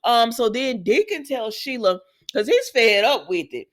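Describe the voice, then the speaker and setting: A woman's voice: on the high side, big pitch swings, a little slow. A woman giving a casual, chatty soap opera recap, storytelling with lots of asides and quoted dialogue.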